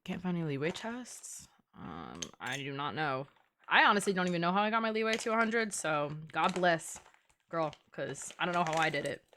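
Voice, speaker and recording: Chatty young woman with lively pitch. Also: normal speed, slight background noise. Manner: chatty, playful, swears casually. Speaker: game streamer. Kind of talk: casual live-stream chat.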